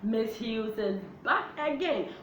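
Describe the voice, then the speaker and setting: A woman teaching young children a phonics lesson, in a slow, sing-song, animated way. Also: fairly high pitch. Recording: echoey room with faint background noise.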